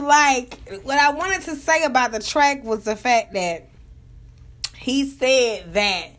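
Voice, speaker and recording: A high-voiced woman with a Southern US accent talks fast and loose, piling up profanity and restarting her sentences as one thought tumbles into the next. Her casual commentary races along in quick, rambling bursts. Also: pushed and bright. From Georgia, US South. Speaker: vlogger reviewing rap tracks.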